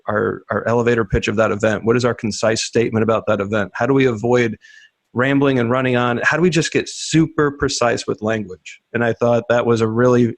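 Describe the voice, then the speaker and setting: A man's voice: medium pitch, no echo. A man in his fifties hosting a conversation, friendly and thoughtful, restarting sentences as he thinks aloud. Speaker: host. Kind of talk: casual conversation.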